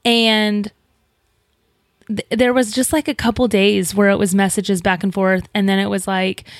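A woman's voice: mid-range voice, level tone, a little slow, no echo, studio quality. A woman, chatting casually as co-host and acting out quoted dialogue while telling a story. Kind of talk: casual chat.

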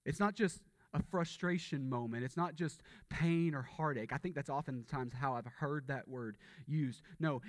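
A man's voice: mid-range voice, dry recording. A man preaching a sermon in a conversational way, often repeating words and asking the congregation rhetorical questions. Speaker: pastor.

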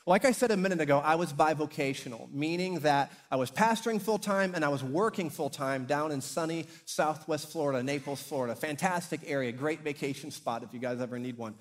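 A middle-aged man preaching a sermon as a pastor, telling stories in a lively way and acting out the characters. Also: on the high side, fairly quick, hardly any pauses. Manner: animated storyteller, acting out characters and shouting at climaxes. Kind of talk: sermon with storytelling. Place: church hall.

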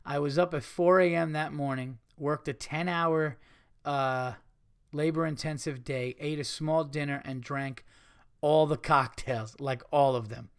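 A young adult man with a slightly high voice reads listener stories on a casual comedy podcast. He swears freely and cracks himself up between sentences. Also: unhurried, clean tone. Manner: crude, laughing, animated asides.

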